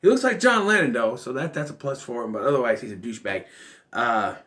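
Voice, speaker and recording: A man's voice: medium pitch, lively intonation, fast, fairly bright tone. A man giving a casual, rambling film commentary, full of fillers and restarts. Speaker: film reviewer.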